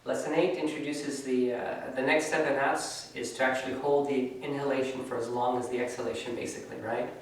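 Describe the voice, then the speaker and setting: A man's voice: medium pitch, flat delivery, fairly quick, few pauses. A man teaching a yoga class in a loose, conversational way, often tagging his sentences with "right?". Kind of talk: casual spoken class instruction. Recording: very echoey room, voice from far off.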